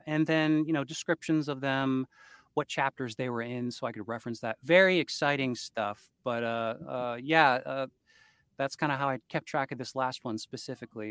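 A man's voice: medium pitch, fairly bright tone, clean tone, no room sound. A man who narrates audiobooks, talking casually as a guest in an interview, easygoing and laughing often.

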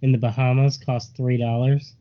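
A man co-hosting a podcast in casual chat, cracking deadpan jokes. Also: medium pitch, moderate pace. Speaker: podcast co-host. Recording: muffled lo-fi audio.

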